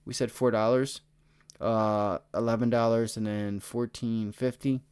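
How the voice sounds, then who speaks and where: A tired, excitable man hosting a livestream, talking casually through stock charts and addressing his chat. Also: medium pitch, unhurried, smooth. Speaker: stock trading livestream host. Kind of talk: casual live chart commentary.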